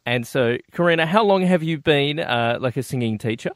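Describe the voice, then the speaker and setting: A man co-hosting a radio show in casual banter, playful and quick to laugh. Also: fairly high pitch, no room sound, clean studio sound.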